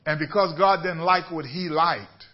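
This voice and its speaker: Bishop preaching on muffled radio. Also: male voice, on the high side, normal speed. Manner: rising to emphatic calls with repeated questions. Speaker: bishop and pastor. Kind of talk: radio sermon.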